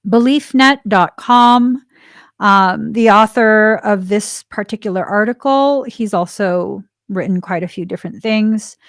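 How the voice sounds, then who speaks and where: A woman's voice: mid-range voice, a little slow, dry recording, studio quality. A woman hosting a spiritual podcast, talking casually, laughing often and acting out the voices of people she quotes. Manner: chatty, laughs often, acts out quoted dialogue. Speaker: podcast host.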